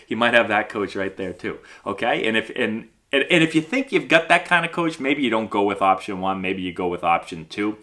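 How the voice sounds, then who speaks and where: Lively, bright-voiced baseball instructor. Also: male voice, fairly low pitch, brisk, hardly any pauses. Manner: upbeat, conversational, constant "okay?" and "right?" check-ins. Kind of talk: instructional coaching vlog.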